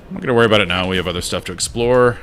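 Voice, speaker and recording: A man's voice: lowish voice, rapid-fire, fairly bright tone, a little hiss or hum. A man giving casual gameplay commentary as a streamer, thinking aloud and muttering to himself.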